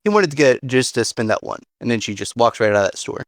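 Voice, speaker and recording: A man playing a tabletop game, describing his character's actions with hesitant pauses. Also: mid-range voice, big pitch swings, no echo, clean studio sound. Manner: hesitant, with fillers. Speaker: player.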